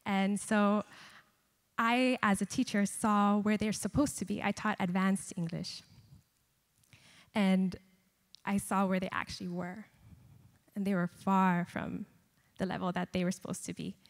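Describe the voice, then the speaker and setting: A woman's voice: mid-range voice, little pitch movement, unhurried, long pauses. A young woman, a student missionary, telling an earnest personal testimony at a chapel service. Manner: earnest, heartfelt storytelling. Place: large university chapel. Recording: long reverb of a large chapel.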